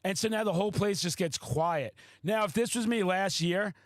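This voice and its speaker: A man hosting a podcast, a loud, excitable storyteller who swears often in casual chat. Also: high-pitched, normal speed, no echo. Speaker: podcast host.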